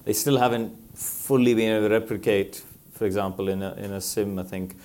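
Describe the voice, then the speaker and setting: Middle-aged man, low voice, quick lively anecdotes on a panel, laughs a lot. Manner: animated storytelling, laughs often. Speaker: former racing driver speaking on a panel. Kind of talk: live panel talk, anecdotal.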